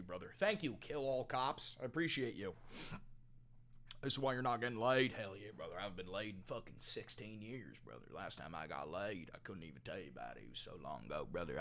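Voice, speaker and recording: A young man playing a crude, brash livestreamer who swaggers, swears and swings from mumbling to shouting. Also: low-pitched, expressive, fairly quick. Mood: boastful. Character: crude brash male livestreamer, calls everyone brother. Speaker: comedian. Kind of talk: comedic character sketch.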